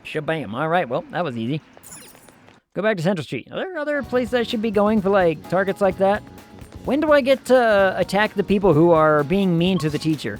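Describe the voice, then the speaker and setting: Man, game streamer, playful, jokey, lively pitch, slightly high voice. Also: fairly quick, soft background music. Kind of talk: casual gameplay commentary.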